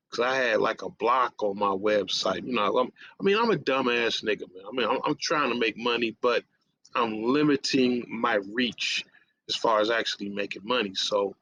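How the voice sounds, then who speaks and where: A man's voice: medium pitch, gravelly, a bit bright, a little hiss or hum. A man hosting a radio show, telling a casual story in profane streetwise slang and tagging lines with "man". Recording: dull lo-fi audio.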